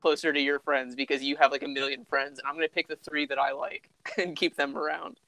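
A young man chats casually, easygoing and quick to laugh. His voice is fairly high for a man and smooth. The recording is dry and close. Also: little pitch movement, sharp tone, dry recording, rough recording. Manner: easygoing, laughing, loose storyteller. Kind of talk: casual chat.

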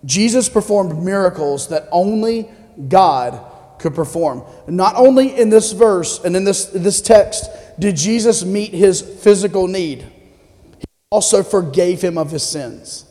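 A pastor delivers a sermon in a fairly high, mellow male voice, keeping it conversational and asking his congregation questions along the way. His words ring out with a long reverb, as in a church sanctuary. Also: animated, unhurried. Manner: conversational preaching with audience questions.

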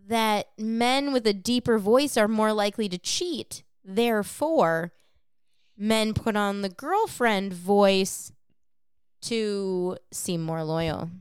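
A woman's voice: medium pitch, smooth, no echo, studio quality. A woman co-hosting a podcast in casual chat, frank and profane as she explains things at length. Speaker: podcast co-host.

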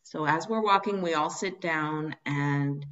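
Low-voiced woman telling a heartfelt story. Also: measured pace, a bit bright, muffled recording. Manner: earnest, searching, many restarts. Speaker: spiritual medium. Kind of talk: conversational storytelling.

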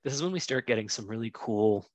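A man hosting a casual movie watch-along chat, talkative and opinionated, with quick asides. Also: on the low side, animated, darkish tone, no room sound. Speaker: podcast host.

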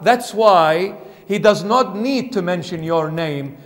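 A man's voice: high voice, takes it slowly, few pauses, long reverb tail. A man, a bishop, preaching a sermon emphatically and putting questions straight to his congregation. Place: church.

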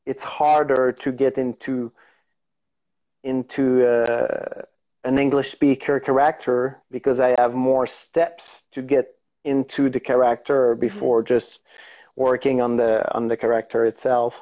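A man who speaks French natively, talking in English with a Quebec French accent, haltingly searching for words as a guest in a casual interview over a video call. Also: medium pitch, little pitch movement, warm tone, dull audio. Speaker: actor guest.

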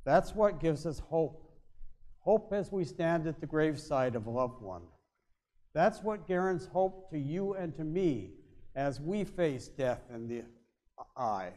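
A male pastor preaching a sermon, with emphatic stresses that drop to quiet, low endings. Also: lively intonation, a little slow. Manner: emphatic, swings between loud stresses and quiet drops.

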